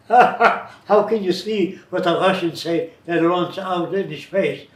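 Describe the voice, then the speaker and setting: A man's voice: sits high, takes it slowly, pitched above the performer's own voice. A man imitating a scornful German immigrant with a German accent, scoffing. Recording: roomy, distant, faint noise.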